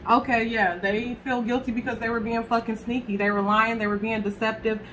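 A woman's voice: on the high side, little pitch movement, brisk, fairly bright tone, a little hiss or hum. A woman reading tarot cards to camera in a chatty way, talking straight to her viewers and swearing casually. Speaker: tarot reader.

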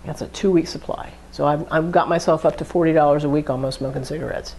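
Woman, lower voice, addiction educator, casual classroom talk, acts out inner thoughts. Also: fairly even intonation, quick pace, vocal fry, darkish tone, slight background noise. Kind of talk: classroom lecture.

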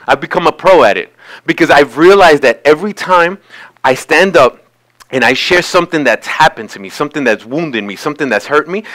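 A man's voice: on the high side, a bit bright. A male pastor giving a sermon, talking conversationally and building to emphatic peaks. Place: church sanctuary.

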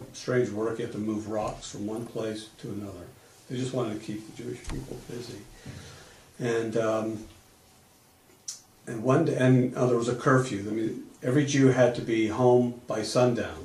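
A man's voice: mid-range voice, a little mellow, far from the mic. A middle-aged man giving an oral history interview, retelling events plainly and explaining things as he goes, often restarting his sentences. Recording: echoey room.

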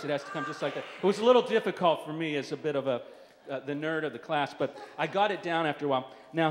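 A man's voice: on the high side, background noise. A man performing stand-up comedy, telling a wry story with lots of asides. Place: live comedy stage. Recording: reverberant hall.

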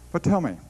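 Through poor audio with slight background noise, a middle-aged man with a mid-range voice preaches a sermon full of stories. His delivery is animated, broken up by laughter and stammered restarts.

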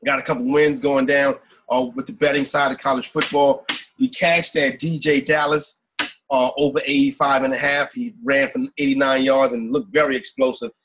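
A man's voice: medium pitch, level tone, normal speed, a bit bright, slightly rough, rough recording. A man co-hosting a sports podcast, talking casually about football betting in a rambling way, often asking "you know what I'm saying". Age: adult with kids. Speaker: podcast co-host.

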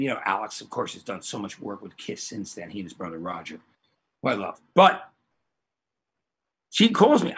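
A male podcast host telling excitable, rambling anecdotes with plenty of swearing. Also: mid-range voice, breathy edge. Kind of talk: animated storytelling.

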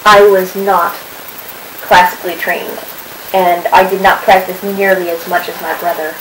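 A woman's voice: on the low side, level tone, measured pace, a bit bright, rough recording. A woman talking casually to her camera, chatty and rambling as she looks through old papers. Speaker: vlogger. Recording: audible background noise.

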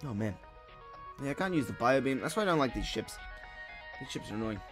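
A man's voice: mid-range voice, animated, a little fast, over music. A young man giving casual, profane commentary while playing a video game, muttering to himself and yawning now and then. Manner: swears a lot, frustrated outbursts, mutters to himself. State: sleepy, yawning. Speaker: let's play gamer.

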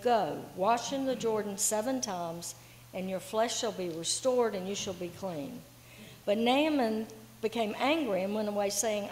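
A woman reading a scripture lesson aloud in church, in a measured, formal manner. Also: mid-range voice, slight background noise. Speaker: lay reader. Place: church sanctuary. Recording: echoey church with faint room ambience.

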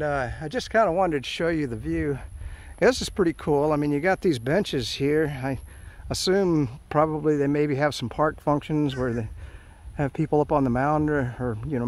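A man's voice: a little high, slight background noise. Chatty slightly breathless middle-aged man outdoors. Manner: chatty, excitable, reads signs aloud then comments. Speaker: vlogger. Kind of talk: casual hiking vlog with sign reading. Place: outdoors at a park mound.

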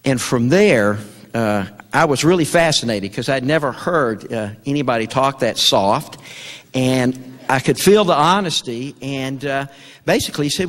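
An older Vietnam veteran with a Southern American accent tells a story to an audience at an event, folksy and stammering. His voice is medium-pitched, fairly bright, and a little slow, with long hall reverb on the recording.

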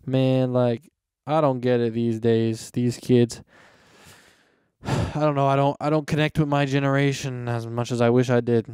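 A teenage guy talks straight into a close podcast mic, rambling through a slangy, mocking rant. His voice is mellow and smooth, recorded dry with no room echo. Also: medium pitch, steady tone, normal speed. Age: teens. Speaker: podcast host. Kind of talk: casual solo podcast rant. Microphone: close podcast microphone.

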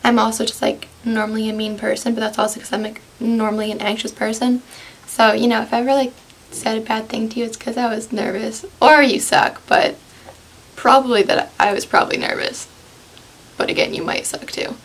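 A woman's voice: on the high side, little pitch movement, fairly quick. A young woman vlogging, telling a story to camera in a sarcastic, self-deprecating and chatty way, full of "like". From United States.

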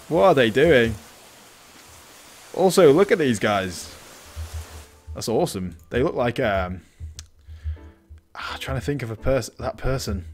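A man's voice: mid-range voice, sing-song, takes it slowly, long pauses, faint music behind. A man talking through a building game in casual let's-play commentary, thinking aloud and restarting his sentences. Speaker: gaming channel host.

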